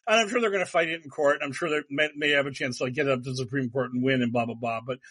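A man in casual political chat, rambling with sarcastic asides and quick restarts. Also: mid-range voice, a bit bright, breathy edge. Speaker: podcast co-host.

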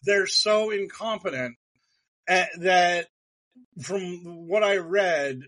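Man, high voice, sarcastic, rambling casual chat, animated. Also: takes it slowly. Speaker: podcast co-host.

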